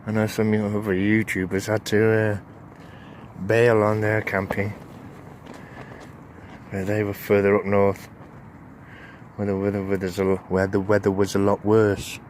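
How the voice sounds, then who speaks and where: A man's voice: fairly low pitch, monotone, measured pace, pauses often, a little mellow. A man chats casually to his camera from inside a tent. He rambles and chuckles between thoughts, and faint wind and traffic noise sit behind his voice. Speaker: wild camping vlogger.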